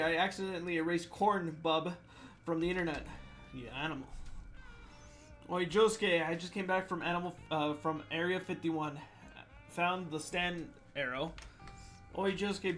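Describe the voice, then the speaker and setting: Playful man reading jokes over faint music. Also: a little high. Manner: loud playful delivery with sudden voice swings. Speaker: YouTuber reading fan jokes. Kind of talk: comedic reading of submitted jokes.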